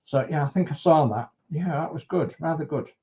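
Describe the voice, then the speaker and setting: Speaking at a moderate pace in a slightly high voice with a dark tone, this man runs a relaxed model-building livestream. He's chatty and warm, calls out viewers by name, and often restarts as he rambles, all over dull, lo-fi stream audio.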